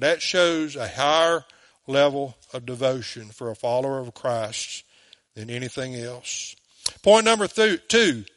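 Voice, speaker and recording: An earnest man preaching a sermon in a fairly high voice. He asks his listeners direct questions and slows right down when he quotes scripture. The sound is dry and close. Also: a bit bright, dry recording. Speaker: pastor.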